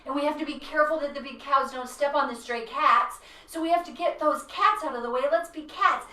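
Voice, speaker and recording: A woman's voice: high-pitched, a little fast, bright, forceful tone. A woman guiding a children's yoga class in a playful, encouraging way. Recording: roomy echo, mic at a distance.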